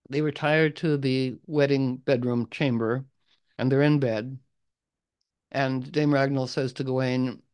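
A man's voice: mid-range voice, steady tone, measured pace, a little mellow, smooth. A man telling an old legend aloud in a casual, rambling way with asides. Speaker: storyteller. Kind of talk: oral storytelling.

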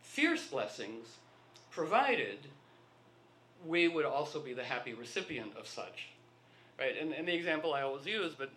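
A man's voice: mid-range voice, very animated, normal speed, bright, forceful tone, a little hiss or hum. A man telling rambling anecdotes in a casual talk, acting out the dialogue of the people in his stories. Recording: echoey room.

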